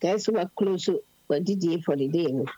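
A woman preaching in an unhurried, explanatory way, her voice mellow and warm. The recording is dull and lo-fi, with a dry sound and no room echo. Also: lowish voice, breathy edge. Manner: unhurried, explanatory, code-switching. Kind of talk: sermon mixing Twi and English.

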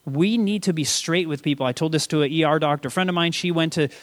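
A man telling a personal story about faith at a quick storytelling pace, acting out quoted voices. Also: fairly high pitch. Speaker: Christian speaker. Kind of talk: telling a story in a panel talk.

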